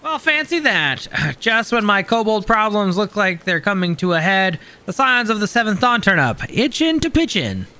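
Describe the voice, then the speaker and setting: A man voicing a gruff, blustery male camp commander who talks brusquely. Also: high voice, big pitch swings, normal speed, few pauses, pushed and bright, exaggerated voice. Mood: exasperated. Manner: brusque, swearing, exasperated.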